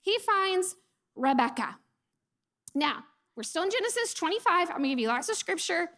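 A woman delivers a church sermon in a high, bright-pitched voice. Her telling is lively and expressive, and she acts out quoted lines. She sometimes sinks to a soft, breathy near-whisper for emphasis. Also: moderate pace. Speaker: preacher; mother.

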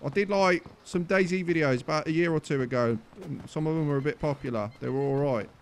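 A young man with a British accent, commentating his gameplay with cheeky humour and getting loud and exasperated when ignored. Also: a little high, brisk, a little hiss or hum. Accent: British English. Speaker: gaming YouTuber.

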